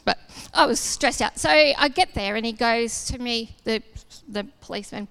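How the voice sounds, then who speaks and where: A woman's voice: fairly high pitch, moderate pace, smooth. A woman giving a sermon testimony, a casual, self-deprecating storyteller who acts out the dialogue. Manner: lively storyteller acting out dialogue. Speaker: church speaker.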